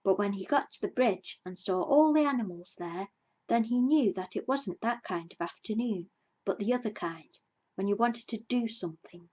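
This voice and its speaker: A woman reading a children's storybook aloud in a gentle, soft-spoken way. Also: mid-range voice, animated, normal speed, husky, dull audio. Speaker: reader. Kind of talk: storybook read-aloud narration.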